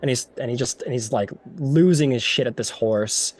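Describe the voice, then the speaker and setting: A man's voice: medium pitch, normal speed. A young man narrating a tabletop game as game master, loose and full of fillers.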